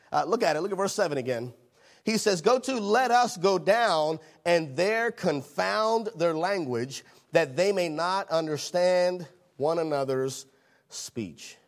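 High, gravelly preacher man. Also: measured pace. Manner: animated, repeats phrases, acts out voices of God and Lucifer. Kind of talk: sermon.

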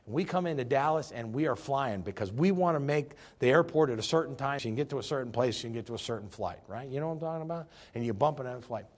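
A man's voice: mid-range voice, expressive, fast, hardly any pauses. A man preaching a sermon as pastor. He tells folksy stories and presses the congregation with direct questions, pushing harder as he drives his points home. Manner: folksy storytelling.

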